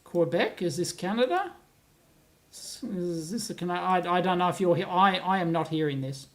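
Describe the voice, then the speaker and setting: An Australian man hosting a casual livestream. He reads viewer comments aloud, laughs often and rambles as he thinks out loud. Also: high voice, animated, normal speed. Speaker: livestream host. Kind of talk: casual live-stream chat, reading viewer comments aloud. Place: at home on a laptop, away from his office.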